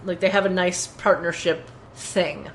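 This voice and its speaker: A woman's voice: on the low side, unhurried, gravelly, slight background noise. A woman co-hosting a podcast, casually recapping a TV episode and acting out quoted lines. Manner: animated retelling with quoted lines. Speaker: podcast co-host.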